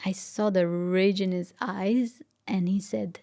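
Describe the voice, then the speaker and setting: A woman's voice: mid-range voice, fairly even intonation, measured pace, few pauses, a little mellow. A woman as a podcast guest, telling a personal story in an earnest, reflective way, sometimes dropping almost to a whisper. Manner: earnest, reflective, drops to a near-whisper at tender moments.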